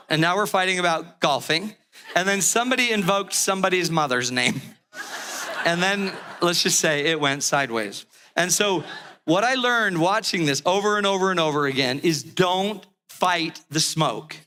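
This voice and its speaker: Middle-aged male relationship speaker, animated storyteller, high bright voice. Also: moderate pace, a little hiss or hum. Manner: animated storyteller, acts out characters. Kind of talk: motivational talk with acted-out stories.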